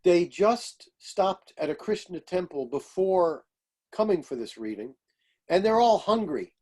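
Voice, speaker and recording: An older man, an astrologer and author, telling lively stories in an interview and acting out the voices of people he quotes. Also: high voice, measured pace. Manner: animated anecdotes, acting out quoted voices, laughing. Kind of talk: storytelling interview.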